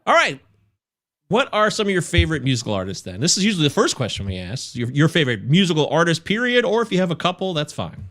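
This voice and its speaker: Male podcast host, lively pitch, chatty, self-mocking, laughs a lot. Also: quick pace. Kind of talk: casual podcast chat.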